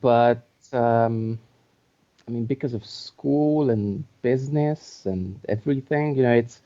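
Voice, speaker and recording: A man of medium pitch talks in a relaxed, halting way, stopping often on "like" and "um". His voice comes through a muffled, lo-fi video-call line. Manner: hesitant, lots of fillers and restarts. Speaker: co-host. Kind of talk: casual chat. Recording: dull lo-fi audio.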